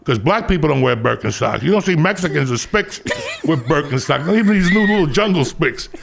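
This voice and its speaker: A man in his sixties telling crude comedic stories as podcast host, loud and profane, often breaking into laughter. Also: on the high side, lively intonation, a little fast, vocal fry. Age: 60s. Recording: noisy podcast recording.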